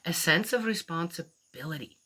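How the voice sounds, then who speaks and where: A woman's voice: fairly low pitch, expressive, normal speed, sharp tone. A middle-aged woman telling a personal story in a rambling, chatty way, full of fillers and acted-out quotes. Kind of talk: casual spoken storytelling.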